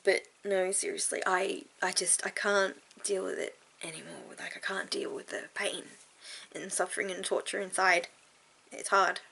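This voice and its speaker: A tearful woman talking frankly and earnestly to camera in a personal vlog, halting and sighing. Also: medium pitch, flat delivery, gravelly, pushed and bright. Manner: earnest and heartfelt, halting with sighs. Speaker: vlogger.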